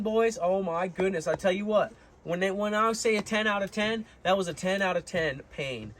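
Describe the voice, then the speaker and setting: Young guy rambling thru a story, lotta uhs and restarts, voice a bit high, faint hum behind. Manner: rambling, lots of fillers and restarts. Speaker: vlogger. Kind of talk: casual storytelling to camera.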